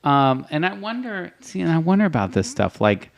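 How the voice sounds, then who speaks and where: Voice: medium pitch, sing-song, normal speed, creaky. A podcast co-host chatting casually, with short reactions and questions, sometimes saying the quoted lines along with the other host. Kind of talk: casual chat.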